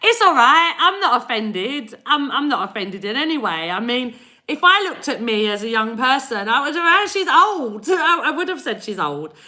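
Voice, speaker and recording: Bright and forceful, her voice sits on the high side and swings widely in pitch while moving at a normal speed. The speaker is an English energy reader in her forties, chatting and laughing frequently with viewers during a live stream.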